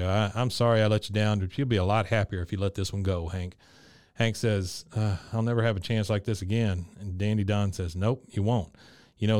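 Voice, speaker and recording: Low-voiced man recapping a cartoon episode. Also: darkish tone, no echo, clean studio sound. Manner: retells scenes, quoting characters in his own voice. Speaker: podcast co-host recapping an episode. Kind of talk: casual chat.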